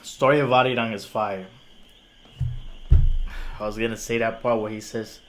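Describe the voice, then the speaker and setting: Arguing with a critic while reviewing music on a live stream, a young man whose native language is Spanish talks in casual slang, incredulous and combative. He speaks on the low side, steady, at a moderate pace, and pauses often.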